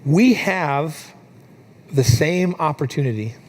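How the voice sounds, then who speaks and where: A young adult man preaching a sermon in a church, telling a family story with lively, animated delivery. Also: on the high side, slow. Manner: storytelling, animated when quoting his daughter. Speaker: pastor.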